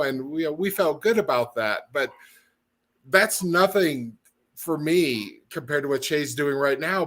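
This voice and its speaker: A man hosting a hobby talk show, speaking effusively and haltingly in casual chat. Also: a little high. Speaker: show host.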